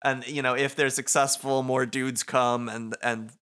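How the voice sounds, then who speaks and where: Bright-voiced man in casual chat. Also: medium pitch, flat delivery, measured pace, clear, resonant tone. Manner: rambling, laughs often, frequent restarts. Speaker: podcast co-host.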